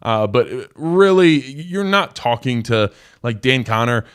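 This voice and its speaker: A man's voice: medium pitch, animated, measured pace, a bit bright, smooth. A man in his twenties, a former college football player, hosting a live call-in sports show in a loose, casual way with lots of fillers. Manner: casual, rambling storyteller with many fillers.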